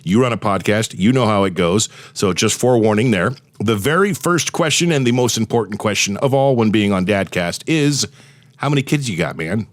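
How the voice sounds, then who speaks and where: A man's voice: on the low side, expressive, moderate pace, no echo. A man hosting a podcast interview, friendly and casual, often calling his guest "man". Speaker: podcast host.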